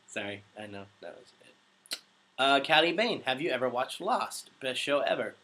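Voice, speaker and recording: A man's voice: medium pitch, sing-song, normal speed, pauses often, bright, forceful tone. A young man, a voice actor, chatting casually on a live stream, reading out viewer questions and laughing often. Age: young adult. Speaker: voice actor answering live chat.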